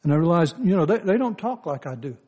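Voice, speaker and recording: An older man with a Southern accent delivers a sermon like a homespun story. He talks slowly and loosely, padding his sentences with "you know" and "uh" as he goes. His voice sits a touch higher than most men's. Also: sing-song, darkish tone, breathy edge. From Southern United States. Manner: slow, folksy storytelling with frequent "you know, uh" fillers. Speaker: preacher.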